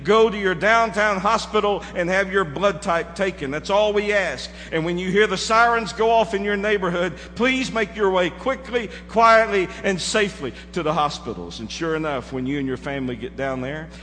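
A man preaching, telling a dramatic story that swings from loud to hushed. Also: high-pitched, normal speed, hardly any pauses, in a large hall, slight background noise. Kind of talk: sermon illustration.

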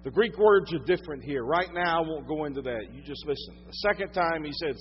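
A man with a Southern US accent, preaching a sermon as a pastor. He swings from loud emphasis to hushed tones and draws out his phrases. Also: a little high, lively intonation, fairly quick, few pauses, muffled recording, slight background noise.

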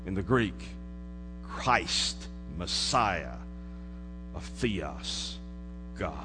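A man preaching a sermon in a church, dropping to hushed low asides and rising to emphatic declarations. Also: sing-song, very slow. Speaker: pastor. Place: church sanctuary. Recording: hall reverb with mains hum.

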